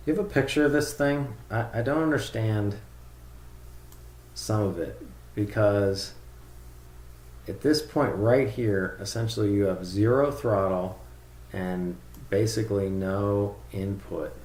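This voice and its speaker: A man's voice: fairly low pitch, takes it slowly, a little mellow, roomy sound. A man casually talking through a screen-share tutorial, rambling and thinking aloud with fillers. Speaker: drone tuning reviewer.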